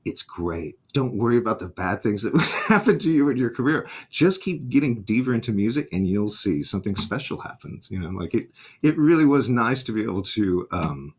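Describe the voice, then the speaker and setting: A middle-aged man with a low, husky voice telling stories in a relaxed interview. His pitch rises and falls widely as he acts out the voices of the people in his anecdotes. He is a guitarist and music teacher. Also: fairly quick. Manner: lively anecdotes, acting out quoted voices. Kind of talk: casual storytelling interview.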